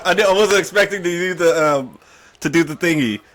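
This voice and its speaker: A man giving live gameplay commentary, excitable and panicky, quick to laugh and curse. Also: high-pitched, a little hiss or hum. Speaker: gaming YouTuber.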